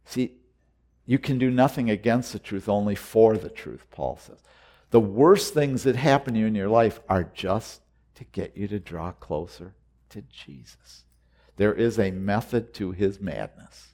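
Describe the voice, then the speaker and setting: Slow, low-voiced male preacher. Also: expressive. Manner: earnest, repetitive, swells from quiet musing to loud urgent exhortation. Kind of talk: sermon.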